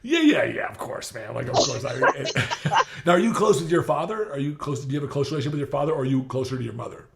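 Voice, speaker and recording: A man's voice: fairly high pitch, animated, quick pace, vocal fry, very noisy. A middle-aged man hosting an interview in casual chat, rambling with many restarts and laughing often. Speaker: podcast host.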